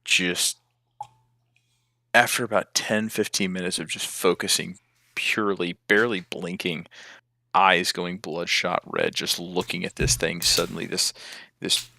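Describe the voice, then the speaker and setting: Deep gravelly game master. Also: male voice, flat delivery, unhurried, pushed and bright, no echo. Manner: loose, joking, swears casually. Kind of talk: narrating a tabletop game.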